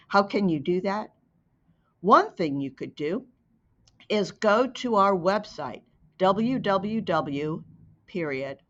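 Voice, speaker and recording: A woman telling a story slowly and earnestly, then making an appeal to listeners. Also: on the low side. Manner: slow, deliberate, earnest. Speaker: advocate narrator. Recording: dull lo-fi recording.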